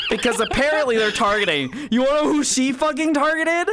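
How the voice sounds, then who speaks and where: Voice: high-pitched, animated, fairly quick, hardly any pauses, a bit bright, slight background noise. A speaker in casual chat, rambling through a story with lots of swearing. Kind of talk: casual chat between players.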